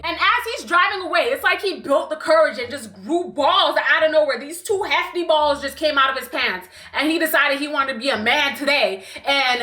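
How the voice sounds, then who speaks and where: High, bright-voiced woman telling a story. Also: reverberant. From Canada. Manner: animated, profane, dramatic quoting. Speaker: YouTuber. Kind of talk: storytime vlog.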